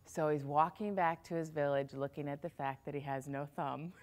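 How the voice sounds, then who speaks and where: A woman telling a motivational story in an animated way, shifting her pace and volume for effect. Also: low voice, moderate pace.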